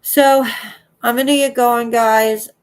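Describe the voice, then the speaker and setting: A tired woman hosting a late-night livestream, halting and earnest, often trailing off. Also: on the high side, fairly even intonation, clean tone. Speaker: livestream host.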